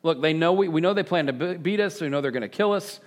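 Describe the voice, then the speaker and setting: A man preaching a sermon to a congregation, animated and joking, prompting the people to answer back. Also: fairly high pitch, fast. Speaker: pastor. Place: church service with congregation.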